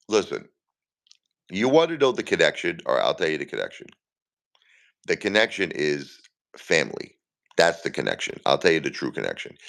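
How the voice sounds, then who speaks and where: Grieving male live-stream host in his forties, very deep and gravelly, rambling and repetitive. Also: a bit bright. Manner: repeats himself, talks straight to chat viewers by name. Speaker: livestream host. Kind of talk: casual live-stream talk to viewers.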